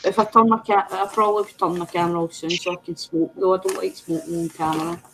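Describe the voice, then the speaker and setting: A woman's voice: lowish voice, fairly even intonation, fast talker, slight background noise, rough recording. A woman chatting frankly and casually over a video call, often trailing off mid-thought. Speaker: guest in a craft video chat. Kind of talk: casual chat.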